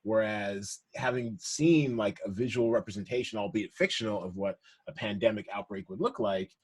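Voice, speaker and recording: Guy hosting a movie podcast, husky kinda breathy voice, excited, laughs a lot. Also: lowish voice. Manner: animated, laughs often, quick asides. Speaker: podcast host. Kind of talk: casual chat.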